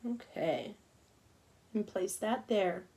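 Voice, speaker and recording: A woman's voice: mid-range voice, takes it slowly. A middle-aged woman teaching an online cupcake decorating class, chatting casually and talking to herself as she works. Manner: chatty, talks to herself while working, soft murmurs.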